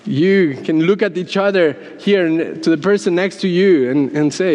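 A man preaching a sermon in an animated way, laughing as he acts out quotes and often repeating words. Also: a little high, normal speed, few pauses. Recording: long hall reverb.

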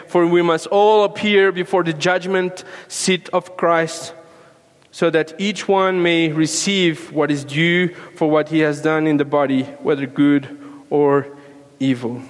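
A man from Peru preaches in a slightly raised voice, taking his time over each phrase. He repeats himself earnestly and pushes into fervent emphasis. The sound carries a long reverb from a large hall. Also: on the high side. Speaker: pastor. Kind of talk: sermon.

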